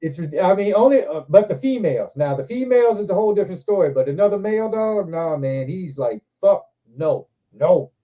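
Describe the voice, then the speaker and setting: A man's voice: high voice, fast talker, hardly any pauses. A man telling a long, profane story in casual chat, acting out what he said. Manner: profane, animated storyteller, acts out quotes. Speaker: show host. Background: other men on a livestream hangout.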